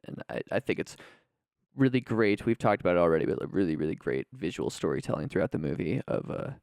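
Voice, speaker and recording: A man's voice: low-pitched, big pitch swings, fast, creaky, darkish tone, no room sound, studio quality. A man co-hosting a casual film podcast, musing and laughing often. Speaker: podcast co-host. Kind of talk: casual chat.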